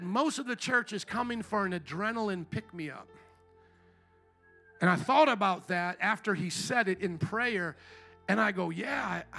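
A man preaching a sermon to his congregation, impassioned, swinging between quiet reflection and shouted calls. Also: high voice, vocal fry. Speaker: pastor.

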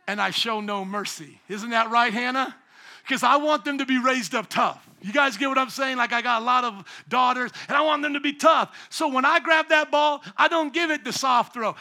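High, bright-voiced man preaching a sermon. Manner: dynamic preaching, swinging from hushed to shouting. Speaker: pastor.

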